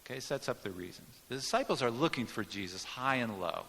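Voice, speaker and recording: A man's voice: medium pitch, lively intonation, fast talker, vocal fry, fairly bright tone, big-room sound. A man preaching a sermon, teaching in an emphatic way and explaining Greek words to the congregation. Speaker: pastor.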